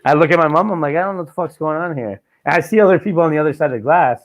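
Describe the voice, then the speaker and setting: A man's voice: a little high, rapid-fire. A man from Canada hosting a podcast, telling travel stories in casual chat, full of swearing and acted-out dialogue. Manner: profane, animated storytelling with mimicked dialogue. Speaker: podcast host.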